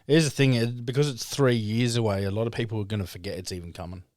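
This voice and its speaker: A man's voice: lowish voice, fairly even intonation, fast, darkish tone, no echo. A man co-hosting a podcast, chatting casually in a blunt, dry, sweary way. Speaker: podcast co-host. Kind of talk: casual chat.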